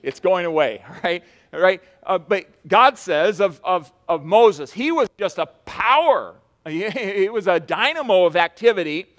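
A man preaching a sermon as pastor, swinging between hushed and loud emphatic delivery, with frequent restarts. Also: high voice, expressive, measured pace, hardly any pauses. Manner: repeats words, many restarts.

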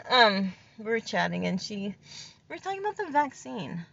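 A woman's voice: medium pitch, big pitch swings, normal speed, creaky, a bit bright, dry recording, highs cut off. A woman telling a personal story in a casual, rambling way, full of fillers and small laughs. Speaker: vlogger.

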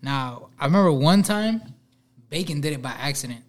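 A man's voice: a little high, lively intonation, moderate pace. Laughing, slangy young man in casual chat. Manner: laughing, slangy, acts out his parents' voices. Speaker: podcast co-host.

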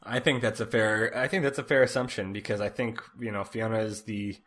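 A man co-hosting a casual podcast, recapping a TV episode in a relaxed way, with lots of fillers. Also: on the low side, fairly quick. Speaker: podcast co-host.

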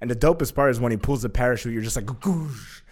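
Young man, casual chat, excitable, profane, acts out quotes, laughs often. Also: medium pitch, very fast. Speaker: storyteller.

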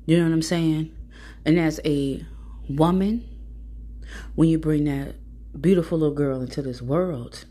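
Give me a low-voiced woman speaking straight to camera in a casual monologue. Her tone is husky and breathy, and her manner is blunt, profane and preachy as she tells stories and gives advice to mothers. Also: mellow.

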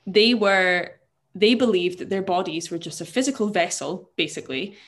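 Her voice is on the low side and moves at a moderate pace as this young podcast co-host explains a story on a casual chat show. The telling is jokey and full of swearing, with frequent laughter and restarted words.

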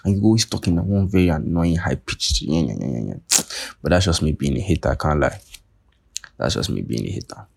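A man's voice: very deep voice, expressive, brisk, gravelly. A young Nigerian man with a Nigerian accent, hosting a podcast in a profane, sarcastic casual rant. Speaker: podcast host. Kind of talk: casual monologue.

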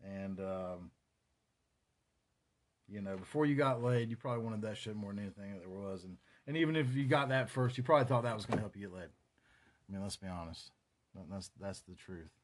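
A man's voice: fairly low pitch, brisk, slight background noise. A man in his forties with a North Carolina Southern accent, hosting a solo podcast and reminiscing in a rambling, profane, casual way. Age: 40s. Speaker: podcast host.

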